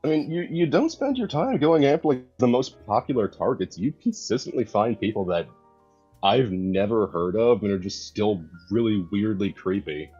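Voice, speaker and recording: A man with a somewhat low voice chats casually on a stream, stumbling and restarting as he hunts for the right word. His sound is dull and lo-fi. Faint guitar music plays underneath. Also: animated, dark tone, slightly rough. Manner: halting, restarts often, searches for words. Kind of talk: casual chat.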